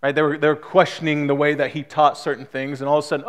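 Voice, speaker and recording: A man's voice: on the high side, fairly even intonation, fast. A man preaching a sermon as pastor, emphatic, his intensity rising and falling as he builds each point. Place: small church hall.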